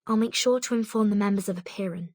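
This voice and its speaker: A woman plays a courteous messenger with a breathy, husky voice. It sounds dry and close. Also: medium pitch, fast, a little mellow, no room sound, close to an everyday voice. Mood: polite. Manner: courteous, formal.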